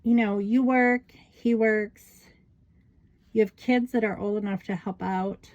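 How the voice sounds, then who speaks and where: A middle-aged woman chatting casually to her camera as she works on a craft project. She tells a story in a loose, rambling way, full of "like" and "you know." Her pitch sits at an ordinary middle height for a woman. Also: steady tone, unhurried, a little mellow, dull audio. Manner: rambling storytelling with many fillers. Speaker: crafting vlogger. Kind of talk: casual chat while journaling.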